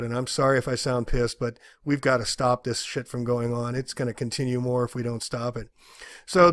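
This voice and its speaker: A man giving angry, indignant commentary, ranting with loud emphatic outbursts. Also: fairly high pitch, dry recording, clean studio sound. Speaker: video commentator.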